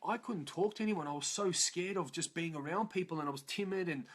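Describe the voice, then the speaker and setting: Aussie male, emotional first-person storyteller, coarse and unpolished, voice a touch higher than most men. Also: a little fast. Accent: Australian. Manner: raw, profane, emotional, frequent "yeah?" tag questions. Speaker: motivational vlogger.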